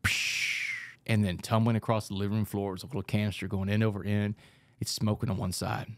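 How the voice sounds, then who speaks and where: A man, a guest on a podcast, telling his life story in a lively, animated way and often saying "man". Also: on the low side, fast talker, dry recording. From Texas, United States. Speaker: podcast guest, author and speaker. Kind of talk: storytelling in a casual podcast interview.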